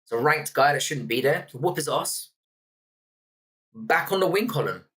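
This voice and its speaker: A man's voice: on the high side, lively intonation, normal speed, a bit bright, breathy edge. Sweary man hosting a livestream. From United Kingdom. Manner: blunt, sweary banter. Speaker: livestream host. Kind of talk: casual live chat reading comments. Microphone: desk microphone.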